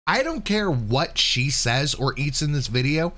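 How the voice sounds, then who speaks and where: A man's voice: fairly high pitch, big pitch swings, a little slow, fairly bright tone, slight background noise. Sarcastic male streamer, swears a lot, voice swings all over the place. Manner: sarcastic, mocking, swears freely. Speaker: stream host. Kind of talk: live-stream reaction commentary.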